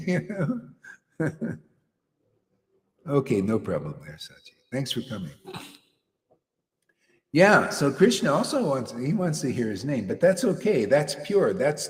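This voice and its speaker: A man preaches in a loose, conversational way, his pitch swinging widely as he jokes, laughs and drops slang. His voice rings out with a long hall reverb behind it. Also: a little slow. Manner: animated, slangy, laughs often. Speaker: spiritual teacher. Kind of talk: casual devotional talk.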